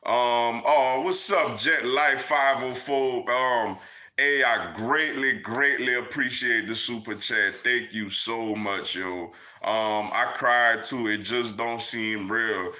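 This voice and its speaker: Mid-range and pushed and bright, the young man's voice takes its time. He hosts a laid-back live Q&A, reading chat comments and filling his speech with "man" and "yo."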